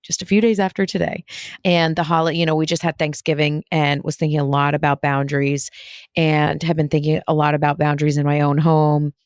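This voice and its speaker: A woman's voice: low-pitched, level tone, brisk, clean tone, no room sound, clean studio sound. A woman hosting her own podcast as a spiritual medium, talking in a chatty, rambling way with fillers and restarts. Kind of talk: casual solo podcast talk.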